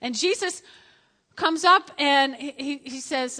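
A woman preaching a lively sermon, telling Bible stories and acting out the quotes herself. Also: sits high, takes it slowly, long reverb tail. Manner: animated storytelling, acting out quotes.

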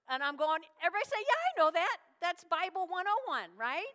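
Animated high-voiced woman preaching. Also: fairly quick, hardly any pauses, big-room sound. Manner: animated, folksy, acts out little voices. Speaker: pastor. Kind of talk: sermon.

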